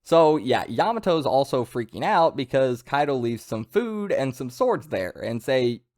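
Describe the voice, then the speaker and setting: A man's voice: medium pitch, very animated, measured pace, a little mellow. A man giving a casual, enthusiastic spoken review of a manga chapter, chatty and full of fillers and restarts.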